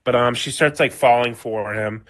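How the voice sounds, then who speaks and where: A man's voice: mid-range voice, moderate pace, a bit bright. A man co-hosting a casual podcast, recounting a story at length with lots of "like" and the odd swear word. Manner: rambling storyteller, heavy use of "like", swearing. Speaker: podcast co-host.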